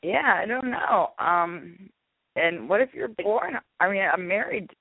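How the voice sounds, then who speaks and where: A woman's voice: mid-range voice, expressive, unhurried, gravelly, husky, no room sound. A woman co-hosting a talk-radio show, sounding sick and congested, almost tearful. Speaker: co-host. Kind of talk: casual talk-radio chat. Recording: tinny phone-like line, dry.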